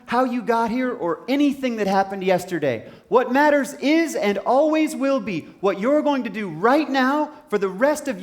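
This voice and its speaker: A man giving an inspirational stage talk in a large hall, emphatic and repetitive, building up to shouting. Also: very high voice. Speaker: motivational speaker.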